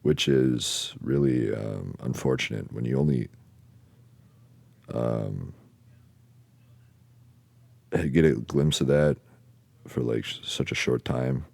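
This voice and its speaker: A man hosting a podcast, telling a personal story in a halting way, with many pauses and fillers, casual swearing, and sentences that trail off quietly. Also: rumbling low, gravelly, no room sound. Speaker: podcast host.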